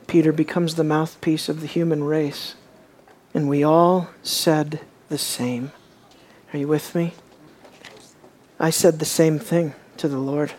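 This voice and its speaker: Preacher, sermon, unhurried delivery, rhetorical questions, conversational. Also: mid-range voice, flat delivery, a little mellow.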